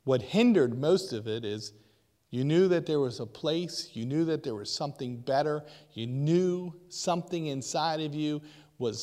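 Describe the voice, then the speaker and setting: A man's voice: a little high, mellow. A man preaching a sermon, addressing his congregation directly and rising to impassioned cries. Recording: long reverb of a large hall.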